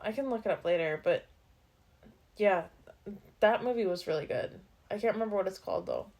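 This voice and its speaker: A woman's voice: medium pitch, brisk, gravelly, a little mellow. A young woman co-hosting a podcast, chatting casually with frequent fillers and hesitations. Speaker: podcast co-host. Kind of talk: casual chat.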